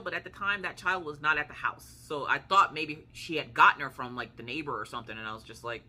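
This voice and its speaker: Chatty woman with a bright voice. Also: deep voice, fast talker, few pauses. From United States. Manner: chatty, swears casually, acts out quotes. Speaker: vlogger. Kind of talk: casual storytelling.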